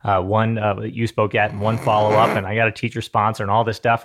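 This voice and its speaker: Young guy co-hosting a podcast, low voice, rambly and wry, pokes fun at himself. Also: level tone, quick pace, hardly any pauses, fairly bright tone. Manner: rambling, self-deprecating, wry. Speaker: podcast co-host. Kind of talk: casual chat.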